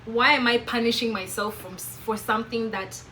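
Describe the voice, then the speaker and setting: Bright-voiced Kenyan woman vlogging. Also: a little high, fairly even intonation, fairly quick, a little hiss or hum, low-quality recording. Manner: earnest, questioning, self-reflective. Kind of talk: reflective personal vlog monologue.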